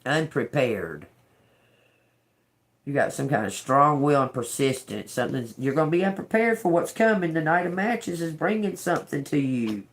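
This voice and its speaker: An older woman with a low voice gives a live tarot reading, speaking slowly and bluntly. She swears and repeats words as she reads the cards aloud.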